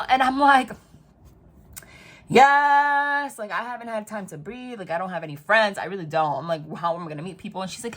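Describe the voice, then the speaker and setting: A woman reading tarot in a casual vlog, chatty and rambling, telling animated stories full of quoted dialogue. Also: mid-range voice, brisk. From New Jersey. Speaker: tarot reader.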